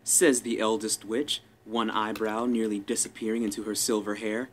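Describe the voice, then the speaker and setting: A man's voice: lowish voice, steady tone, normal speed, few pauses, slight background noise. A man narrating a fantasy story in the first person, in a wry, conversational way.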